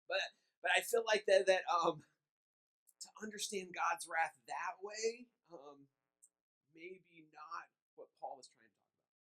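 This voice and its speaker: High-voiced man preaching a casual sermon. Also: a little slow, long pauses, fairly bright tone, rough recording. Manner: informal and joking, with repeated restarts. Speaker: pastor. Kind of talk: conversational sermon. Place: church.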